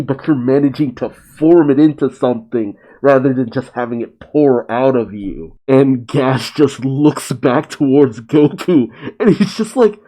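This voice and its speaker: A man talks through a manga chapter in a relaxed, unhurried way, his voice mellow and dark. He gets excited, laughs often, swears and acts out the characters' lines as he recaps. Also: medium pitch. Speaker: manga reaction host. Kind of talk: casual manga reaction recap.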